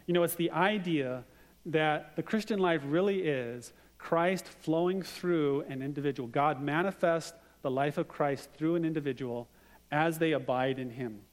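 A man's voice: fairly high pitch, moderate pace. A middle-aged man preaching a sermon in a conversational way, mixing scripture with stories from his family. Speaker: pastor. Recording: long reverb of a hall.

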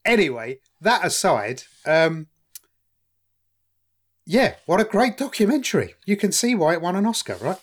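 This podcast co-host is a man with an East London accent and a high voice, speaking at a moderate pace. In casual chat he tells animated, jokey stories, swearing now and then.

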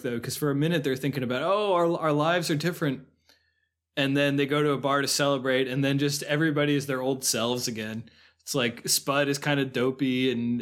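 A man in mid pitch talks casually through a movie on a podcast. He thinks aloud as he goes, with restarts and loose fillers. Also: a bit bright. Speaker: podcast co-host. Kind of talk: casual film discussion.

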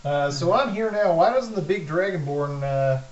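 A man's voice: a little high, lively intonation, normal speed, a little mellow. A man playing a tabletop role-playing game, joking as he speaks in character as a scheming cultist. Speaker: player. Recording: roomy, distant, dull lo-fi sound.

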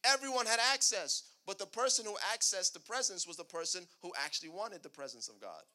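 High, sharp-voiced preaching man. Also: lively intonation, brisk. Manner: preaching with call-and-response to the congregation. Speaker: pastor. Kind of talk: sermon.

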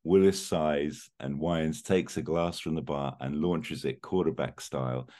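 Very deep-voiced man pitching a story. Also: unhurried, mellow. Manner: chatty, laughs while telling. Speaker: podcast host pitching a film. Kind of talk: casual storytelling.

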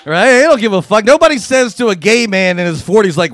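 A man performing a crude, profane stand-up comedy routine, riffing and acting out quotes with loud, punchy bursts. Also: high voice, sing-song, brisk, dry recording.

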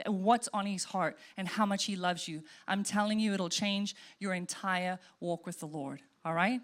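A woman pastor preaching a sermon in a conversational, animated way, acting out her own reactions. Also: medium pitch, moderate pace.

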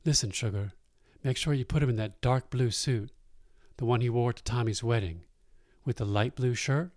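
A man reading aloud who voices a frail, stubborn elderly mother in a soft, tender way, raised a little from his own voice. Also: medium pitch, moderate pace, no room sound, clean studio sound, voice pushed up, natural voice.

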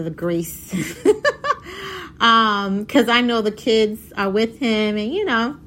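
An animated woman in her thirties from Haiti talks casually about her own life. She laughs often as she tells her stories, her voice at an ordinary middle pitch. A faint hiss of noise sits behind her. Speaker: vlogger. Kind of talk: casual personal talk.

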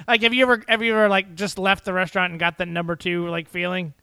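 A man's voice: high-pitched, level tone, fairly quick, creaky, pushed and bright, clear, resonant tone, no echo. A man co-hosting a comedy podcast, teasing and playful, often laughing at the stories. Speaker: podcast co-host, radio morning show host. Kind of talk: casual comedic podcast banter.

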